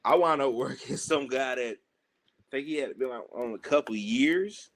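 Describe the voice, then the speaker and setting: A young man with a Southern US accent, telling animated stories on a podcast and acting out the voices of people he quotes. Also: mid-range voice, moderate pace. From Southern United States. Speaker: podcast guest. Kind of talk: casual storytelling.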